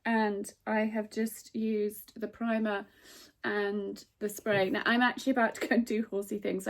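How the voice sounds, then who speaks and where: A woman chatting warmly in a casual vlog, emotional at times. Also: medium pitch, creaky. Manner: chatty and emotional, fast asides. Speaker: vlogger. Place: stable yard and home, indoors and out.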